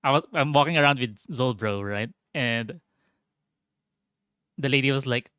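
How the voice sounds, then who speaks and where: A man's voice: medium pitch, moderate pace, pauses often, sharp tone, clean tone, no room sound. A man vlogger telling a travel story casually, laughing often and swearing.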